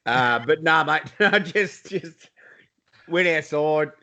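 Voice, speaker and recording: This muffled recording captures an Australian man's slightly high voice, slow but with lively intonation and a pushed, bright edge. Co-hosting a casual podcast over a video call from home in Iowa, he talks sport with plenty of swearing and blokey banter.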